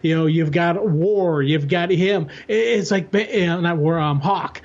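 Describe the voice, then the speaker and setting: High-voiced eager podcast man, muffled. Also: darkish tone. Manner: enthusiastic, quick, many restarts. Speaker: podcast co-host. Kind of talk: casual comics discussion.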